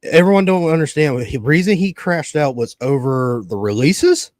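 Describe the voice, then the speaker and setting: A man's voice: on the high side, animated, normal speed, a little mellow, dry recording. Rambling, swearing man on a podcast. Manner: rambling, swears often, acts out quotes. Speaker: podcast co-host. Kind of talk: casual chat.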